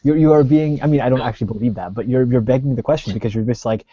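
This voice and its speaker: A man's voice: mid-range voice, racing, few pauses, warm tone, dry recording. A man in a casual online debate, pressing his point insistently and repeating words as he pushes on. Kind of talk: casual group debate on a video call. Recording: dull lo-fi call audio.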